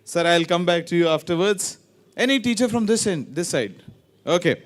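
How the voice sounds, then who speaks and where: An event host with a high, expressive male voice keeps a moderate pace in a large ceremony hall. He's a lively emcee running a quiz, teasing the teachers with tongue twisters and playfully alternating between English and Hindi.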